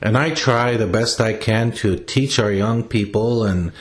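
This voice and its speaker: Older man, unhurried storytelling, lowish voice, plain-spoken, pauses and restarts. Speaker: elder sharing teachings. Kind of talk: reflective personal storytelling.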